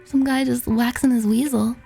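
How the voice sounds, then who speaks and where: A woman's voice: fairly high pitch, fairly even intonation, moderate pace, vocal fry, dark tone, slightly rough, soft background music. A woman streamer in casual chat, rambling and laughing, with lots of "like" fillers. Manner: rambling and laughing, heavy use of "like".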